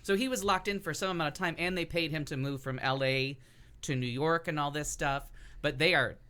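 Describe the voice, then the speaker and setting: An American man chatting on a talk stream with a bright, clear-edged voice. He riffs and gossips with a loose, profane edge. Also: on the high side, a little fast. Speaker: podcast co-host. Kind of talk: casual chat.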